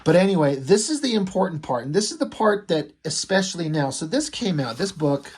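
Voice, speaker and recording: A man's voice: fairly high pitch, very animated, fairly quick, a little mellow, breathy edge. A middle-aged man giving rambling, hesitant commentary on a comic book, casual and full of fillers.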